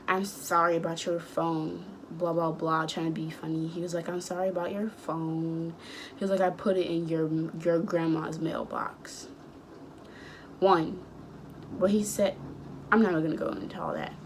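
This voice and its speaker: Animated teen girl telling a story. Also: slight background noise. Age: late teens. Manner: animated, rambling storytelling with sudden high outbursts; acts out quoted dialogue. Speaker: vlogger. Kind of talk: casual storytime.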